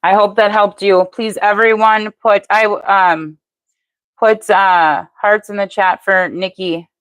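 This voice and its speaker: A woman's voice: mid-range voice, takes it slowly, dry recording. An older woman doing a live-stream tarot reading, chatty and matter-of-fact, speaking to viewers by name. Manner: even, matter-of-fact delivery. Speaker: tarot reader.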